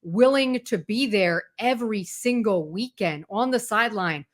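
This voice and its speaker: A woman's voice: medium pitch, animated, a little slow. A woman sports reporter, a guest on a sports talk show, explaining in fluent detail and retelling anecdotes with energy. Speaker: college football reporter, guest.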